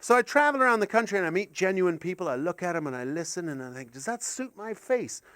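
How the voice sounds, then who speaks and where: A middle-aged man performing a rambling stand-up set, excitable and sweary, with sudden yelps. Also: sits high, rapid-fire, clear, resonant tone, no room sound, clean studio sound. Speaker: stand-up comedian.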